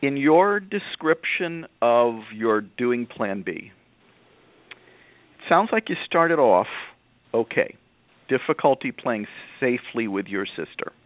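A man hosting a call-in parenting advice show, calm and measured, explaining patiently. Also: mid-range voice, no room sound. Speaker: radio show host, parenting expert. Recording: narrow phone-like band, dry.

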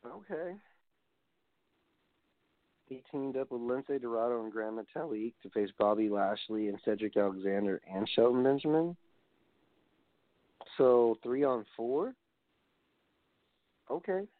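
A man's voice: medium pitch, a little slow, pauses often, no echo. A man hosting a casual solo wrestling review show, rambling and digressing as he reads results aloud. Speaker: wrestling podcast host. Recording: tinny phone-like dry sound.

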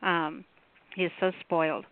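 A woman's voice: on the low side, flat delivery, a little slow, dry recording. A woman hosting a call-in poetry radio show, chatting casually and rambling with lots of fillers. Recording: tinny phone-line audio.

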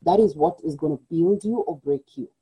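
A woman pastor telling her own story as an interview guest, lively and quick to act out quotes. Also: on the low side, husky, low-quality recording. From Kenya. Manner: animated storyteller, acts out quotes, laughs often. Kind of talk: personal testimony in conversation.

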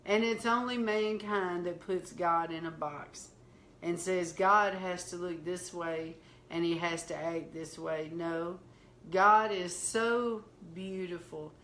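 A woman hosting a faith talk, telling a story in a slow, earnest way. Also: lowish voice, a bit bright, reverberant, slight background noise. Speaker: host.

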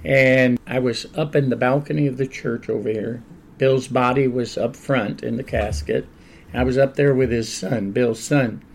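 An older male pastor with a gravelly, creaky voice at a middle pitch. He tells his stories in an animated way and often laughs as he talks. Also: normal speed, slight background noise. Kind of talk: storytelling in a conversational interview.

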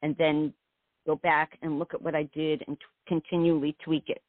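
A woman poet, a guest on a radio interview, speaks in a meandering, reflective way over a tinny phone line. Her voice sits low and level at normal speed, in a dry recording.

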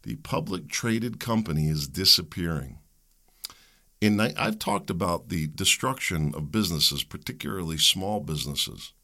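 A man's voice: low voice, animated, moderate pace, sharp tone. A middle-aged man hosting a solo talk show, rambling, joking and opinionated in a conversational way. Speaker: podcast host.

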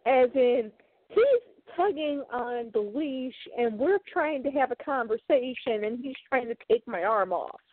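A woman's voice: a little high, expressive, a little slow, dry recording. A woman co-hosting a casual chat who laughs often and teases. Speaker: co-host. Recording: tinny phone-like sound.

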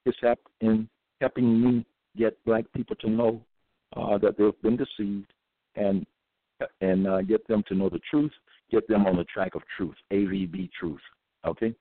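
A man giving a scripture-reading monologue as a religious podcaster, reading verses slowly and solemnly and pausing often with fillers. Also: on the low side, no echo. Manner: halting, with many pauses and fillers. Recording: dry, tinny phone-like audio.

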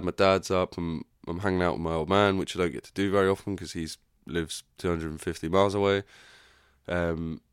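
A man's voice: sits low, clear, resonant tone, no room sound, studio quality. A young man hosting a podcast, talking candidly and rambling in a casual reflective monologue, swearing freely. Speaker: podcast host.

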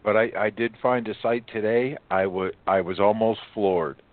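A man in a casual radio chat, talking slowly and listing details one by one. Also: on the low side, fairly even intonation, dry recording. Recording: tinny phone-line sound.

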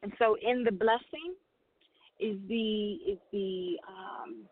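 A woman's voice: fairly high pitch, expressive, takes it slowly, dry recording. Earnest woman, tinny phone-like sound. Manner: earnest, repeats and restarts phrases, gets emotional. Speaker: spiritual reader and host. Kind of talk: motivational spiritual talk.

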